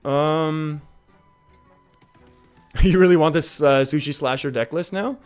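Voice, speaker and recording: A man's voice: on the high side, slow, clean tone, soft background music. A young Canadian man with an English Canadian accent, casually commentating a card game and reading viewer comments, laughing often. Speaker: streamer.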